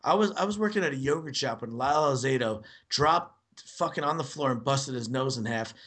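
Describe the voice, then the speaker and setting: A man's voice: mid-range voice, fairly quick, fairly bright tone. A man chatting as a podcast guest, telling long stories with lots of swearing. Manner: profane, rambling storyteller. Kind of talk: casual chat.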